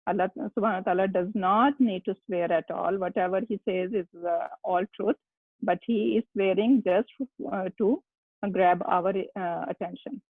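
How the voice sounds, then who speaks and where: An Arabic teacher, giving slow, halting explanations in an online class. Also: mid-range voice, fairly even intonation, no room sound. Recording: tinny phone-line sound, dry.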